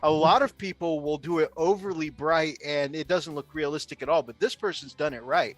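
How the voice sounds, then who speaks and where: A man co-hosting a casual livestream, telling a story in an animated way and laughing as he talks. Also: a little high, fairly quick. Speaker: co-host.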